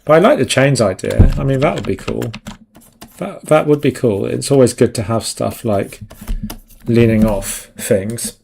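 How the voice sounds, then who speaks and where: A man's voice: medium pitch, animated, measured pace, gravelly, background noise. A man chatting casually on a live stream while he draws, rambling and putting himself down, his thoughts often trailing off. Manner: rambling, self-deprecating, trailing off. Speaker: concept artist streamer.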